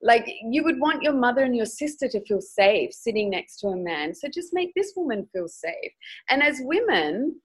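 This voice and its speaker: A woman's voice: fairly high pitch, big pitch swings, normal speed, breathy edge, low-quality recording. A woman speaking as a sex educator guest in a candid podcast interview, frank and emphatic as she tells stories.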